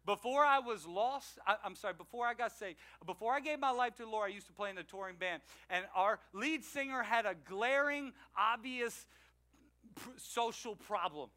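A man preaching a sermon, swinging between loud emphatic lines and quiet asides, and acting out the people he quotes. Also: high-pitched, lively intonation, moderate pace. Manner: acts out quoted people in changed voices. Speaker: pastor.

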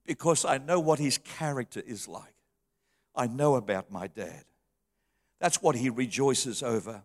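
A middle-aged man preaching a sermon, telling heartfelt stories and shifting from soft, quiet passages to lifted, emotional ones. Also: medium pitch, lively intonation, unhurried. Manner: heartfelt storytelling, dropping soft then rising. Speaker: pastor. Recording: long reverb of a hall.

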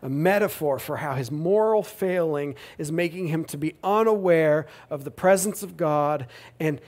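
A man delivers a sermon, retelling a scripture story in a slightly high voice. He swings between loud, emphatic lines and quiet, low asides. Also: moderate pace. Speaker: pastor.

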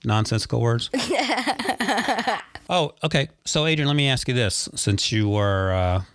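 A man's voice: mid-range voice, expressive, a little slow, a bit bright, clean tone, no room sound. A man hosting a casual family podcast with his young sons, teasing them with dry humor.

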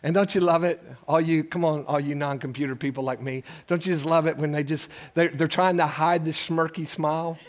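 A man's voice: on the high side, fairly even intonation, fairly quick, hardly any pauses. A pastor in his sixties preaching a sermon, moving between folksy storytelling and fervent appeals, with call-outs to the congregation. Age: 60s. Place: church service.

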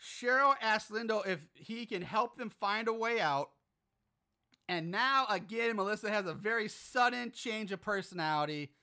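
Podcast host, male, bright voice, profane exasperated recap style. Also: high voice, expressive, moderate pace, clean tone. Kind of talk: casual movie recap.

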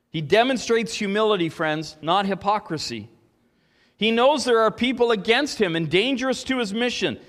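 A man preaching a sermon, telling stories with emphatic swings between loud and soft. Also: sits high, big-room sound. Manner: storytelling, emphatic, rises and drops in volume.

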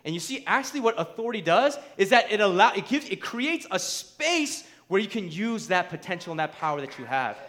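A man with a high voice preaches a sermon. He talks conversationally, often checking in with his listeners, and drives his points home with rising, emphatic force. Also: big pitch swings, brisk, hardly any pauses. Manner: emphatic, rising to near shouts; conversational, asks the crowd "right?".

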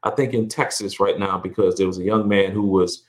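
A man's voice: sits low, fairly even intonation, fairly quick. A middle-aged man speaking earnestly as a podcast guest, often repeating and restarting words, his voice rising when he stresses a point. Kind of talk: reflective conversational interview.

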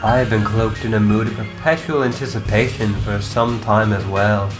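A woman voicing a calm, formal, dryly witty young female troll in a fan reading of chat logs. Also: a bass voice, over music. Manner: measured, formal wording with dry humor.

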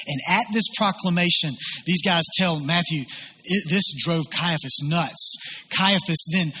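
Preacher guy retelling a bible story, high-ish husky voice, acts out the quotes. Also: a little slow, sharp tone. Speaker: pastor. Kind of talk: sermon.

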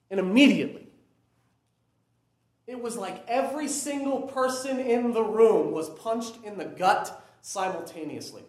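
A man's voice: very high-pitched, roomy sound. A young man preaching a conversational sermon that builds to emphatic peaks. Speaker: pastor.

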